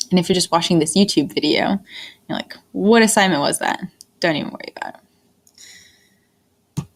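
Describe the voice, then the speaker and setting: A woman teaching a history lesson in a recorded lecture, talking in an unhurried, fairly monotone way with frequent fillers and restarts. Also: lowish voice. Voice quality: monotone delivery. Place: indoors, screen-recorded lecture.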